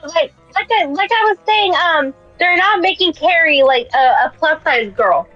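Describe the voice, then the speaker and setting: A woman's voice: very high voice, animated, a little slow, fairly bright tone, dull audio, soft background music. A woman chatting casually on a game stream, rambling and full of filler words.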